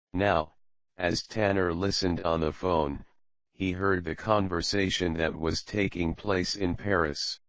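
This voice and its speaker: A man narrating an audiobook with a very deep voice, slow and steady. Each line is measured and even. The recording is dry and muffled, with a lo-fi dullness. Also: no room sound. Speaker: audiobook reader. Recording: dull lo-fi audiobook.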